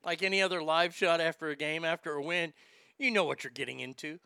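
Guy ranting on his talk show, sarcastic, swears a lot, bright tense voice, real dry sound. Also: a little high, fast talker, vocal fry, clear, resonant tone, no echo. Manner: blunt, profane, sarcastic; reads listener comments aloud. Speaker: radio talk show host.

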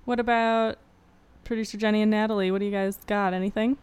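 A young woman hosts a casual podcast in a mid-pitched voice. She moves the conversation along and answers the others with sympathy. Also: steady tone, quick pace, a little mellow, smooth. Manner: steers the talk, sympathetic. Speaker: podcast host.

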